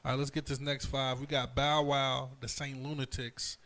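A man's voice: mid-range voice, little pitch movement, moderate pace, fairly bright tone. A man co-hosting a podcast, casually and enthusiastically leading the talk. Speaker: podcast co-host. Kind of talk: casual chat.

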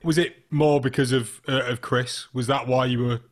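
A man's voice: medium pitch, fairly even intonation, normal speed. A man hosting a podcast, asking casual questions and sharing anecdotes, searching for words as he talks. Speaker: podcast host.

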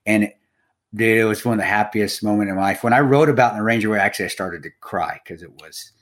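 A middle-aged man co-hosting a podcast, chatting casually and telling animated stories with plenty of swearing, bro and dude. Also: lowish voice, fast. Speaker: podcast co-host. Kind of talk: casual chat.

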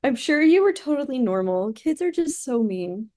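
A woman with a slightly high voice chats on a podcast. She keeps it wry and understated, tossing off dry remarks. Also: very animated, moderate pace, darkish tone. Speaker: podcast co-host. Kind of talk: casual chat recapping a reality show.

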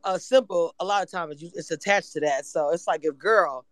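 A woman from hosting a casual live chat, excitable and candid. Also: fairly low pitch, moderate pace, no room sound. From Louisiana. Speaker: YouTube channel host.

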